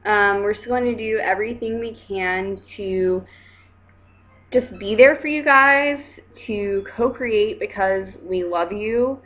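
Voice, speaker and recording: A woman's voice: mid-range voice, slow, muffled recording. A woman hosting a casual live video chat, talking frankly and rambling straight to her viewers. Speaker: host.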